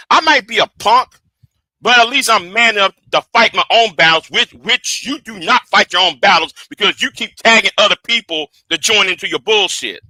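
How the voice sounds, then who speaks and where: A man's voice: high voice, sharp tone, dry recording, rough recording. A man on a livestream, angrily and profanely calling out a rival he speaks to directly. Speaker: live streamer. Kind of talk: confrontational livestream rant. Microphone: streaming setup.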